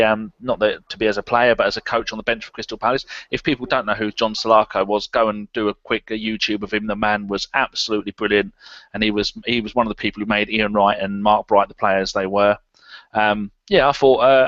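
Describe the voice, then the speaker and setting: A man on a casual football podcast panel, animated and sweary, acting out what players would say. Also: mid-range voice, dry recording, highs cut off.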